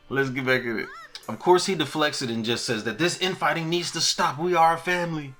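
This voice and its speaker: A man recapping a TV episode in casual commentary, animated and laughing, acting out the scenes. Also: on the high side, a little fast. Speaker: TV show recap reviewer.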